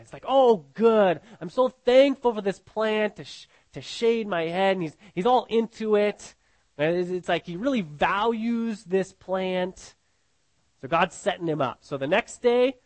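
A man's voice: sits high, dry recording. A man preaching an expository sermon, emphatic, often repeating phrases and checking in with "right?".

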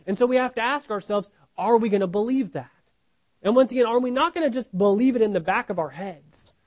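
A man's voice: high voice, fairly quick, darkish tone, rough recording. A man preaching a Bible sermon in an earnest, questioning way, often restarting words and asking "right?".

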